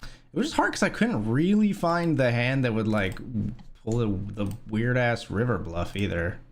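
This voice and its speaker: A man in the middle of his pitch range, commentating his own poker stream. He rambles with lots of "like" and restarts, and swears freely. He turns excitable when a hand goes his way. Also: normal speed, a little hiss or hum. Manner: rambling, filler-heavy, profane. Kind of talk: casual live-stream commentary.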